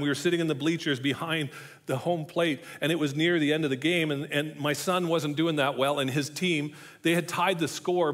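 A middle-aged man preaching a sermon as pastor, telling a story and often dropping to a soft, hushed voice for emphasis. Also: on the high side. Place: church.

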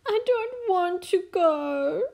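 A woman voicing a whiny, demanding little girl princess who wails in drawn-out cries. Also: very high-pitched, lively intonation, creaky, darkish tone, voice pushed up, heavily acted. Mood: sobbing.

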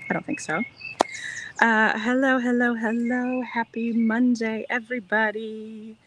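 Soft-spoken woman livestreaming outdoors. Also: fairly high pitch, flat delivery, measured pace, noisy background. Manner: chatty, reassuring, rambling. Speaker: crochet designer hosting a livestream. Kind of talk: casual livestream chat. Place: outdoors in the sun. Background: birds chirping.

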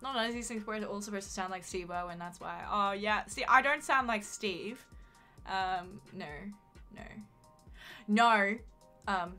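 A woman's voice: medium pitch, a little slow, pushed and bright, soft background music. A young woman with a mild Australian accent, chatting casually on a live stream, swearing freely and reading chat aloud.

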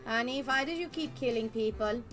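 A woman's voice: a little high, fairly quick, a bit bright, faint music behind. A young woman streaming a game, chatting casually and teasing with playful laughs and silly voices. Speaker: streamer playing a hospital game. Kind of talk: casual gaming chat.

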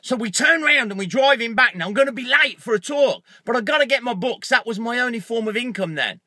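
A middle-aged man talking straight to his viewers, telling stories with animated energy and swearing freely. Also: very high-pitched, a little fast, no echo, clean studio sound. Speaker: motivational speaker. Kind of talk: casual self-recorded video talk.

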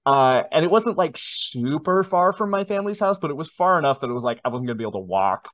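A man's voice: on the high side, fast talker, dry recording. Man in his twenties telling a story. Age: 20s. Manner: animated, self-deprecating storytelling. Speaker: guest. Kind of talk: casual storytelling interview.

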